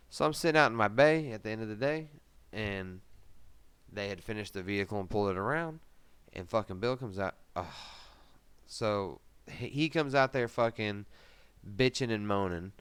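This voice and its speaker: A man's voice: fairly low pitch, moderate pace, fairly bright tone, clear, resonant tone, dry recording. A man in his thirties, a podcast host, telling a rambling story in casual chat, with constant swearing and filler words.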